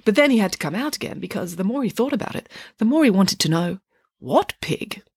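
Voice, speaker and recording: A woman narrating a children's storybook in a wry, expressive way. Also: mid-range voice, fast, creaky, breathy edge, no room sound, studio quality. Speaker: audiobook narrator.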